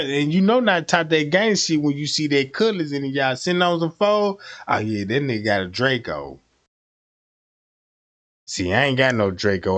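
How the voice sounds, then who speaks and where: A man livestreaming, telling stories casually in heavy street slang and acting out the voices of the people in them. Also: medium pitch. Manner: animated, acts out voices of people in his stories. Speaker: livestream host.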